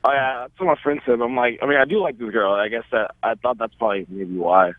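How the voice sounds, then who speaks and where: A young man calling in to a radio show, mumbling in a flat, stoner-like drawl. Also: mid-range voice, fast, dry recording. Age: young adult. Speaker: caller. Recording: tinny phone line.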